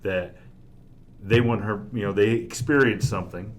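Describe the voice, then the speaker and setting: A man in a casual podcast chat, animated and swinging between loud and soft as he tells anecdotes. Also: lowish voice, normal speed, slight background noise.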